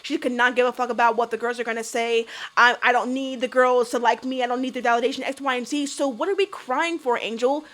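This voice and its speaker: A woman's voice: fairly high pitch, steady tone, fast, hardly any pauses, a bit bright. A young woman giving a blunt, sassy recap of a reality show, swearing freely and firing off rhetorical questions. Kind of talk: casual opinionated recap.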